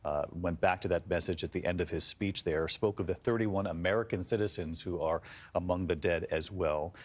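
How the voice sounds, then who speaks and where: A male news anchor giving measured live commentary, summarizing events. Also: low voice.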